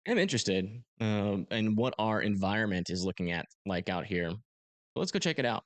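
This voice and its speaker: A young man hosting a live storm-tracking stream, talking casually and haltingly with many fillers as he reads radar. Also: fairly low pitch, very animated. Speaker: storm-tracking livestream host. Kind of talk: live weather commentary.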